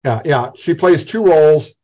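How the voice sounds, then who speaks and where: Male host, slightly high voice, rambling, halting, casual chat. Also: animated, warm tone. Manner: rambling, halting, many fillers.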